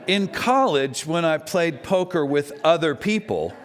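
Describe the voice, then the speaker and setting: A man from Texas giving a conversational sermon at a spiritual center, chatty and animated, often asking the audience questions. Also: fairly high pitch, unhurried. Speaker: guest speaker at a spiritual center.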